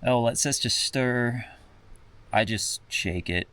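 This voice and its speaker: Against a noisy background, a man with a medium-pitched voice talks slowly in a casual hiking vlog. Worn out from a long hike on a desert trail outdoors, he speaks to the camera in a relaxed, self-deprecating way.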